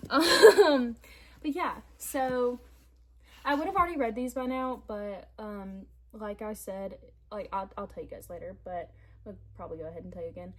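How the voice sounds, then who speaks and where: Young woman, book vlogger, chatty and rambling, fairly high voice. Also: low-quality recording. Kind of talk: casual chat to camera.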